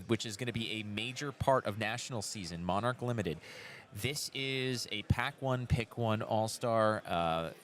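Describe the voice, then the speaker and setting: A man with a Canadian accent co-commentating a live card game match, analytical, with quick anecdotes and frequent restarts. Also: on the low side, a bit bright.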